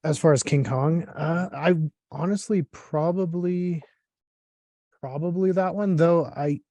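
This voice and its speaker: A man hosting a casual interview, talking in a relaxed, rambling way with lots of fillers. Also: fairly high pitch, takes it slowly, dry recording. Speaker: podcast host.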